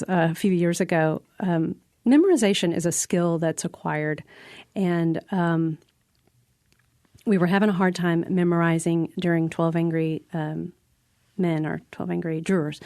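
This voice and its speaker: A woman guest who runs theater in a prison, talking in a radio interview in an earnest, reflective way, often pausing and restarting. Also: fairly low pitch, mellow, no echo, studio quality.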